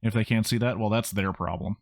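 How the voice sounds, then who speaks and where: A man's voice: lowish voice, steady tone, quick pace, a little hiss or hum, lightly acted. A man reading the lines of a kind, corny single dad giving his daughter advice in a game. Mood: advising. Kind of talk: reading game dialogue aloud.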